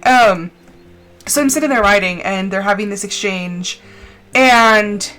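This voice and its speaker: A woman streamer chatting casually and expressively while playing a game, full of fillers and quick laughs. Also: mid-range voice, fairly bright tone, faint music behind. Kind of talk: casual chat while gaming on a live stream.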